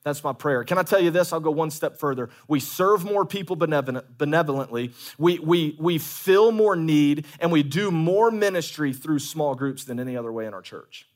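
A man preaching a sermon as pastor, animated, calling for amens and acting out quoted voices. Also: fairly high pitch, moderate pace, hardly any pauses.

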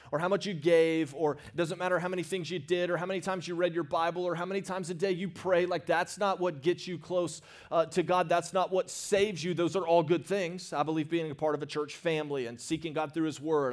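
A man preaching a sermon as pastor, animated, calling the congregation for amens and swinging between hushed asides and loud, excited bursts. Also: on the high side.

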